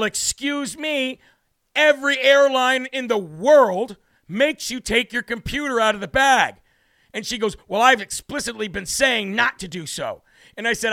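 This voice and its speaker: A man hosts a political talk show in a brash, sarcastic rant. His voice sits high and sounds sharp and forceful, with a gravelly edge. It is recorded close on a dry mic. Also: no room sound. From United States. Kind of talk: ranting livestream commentary.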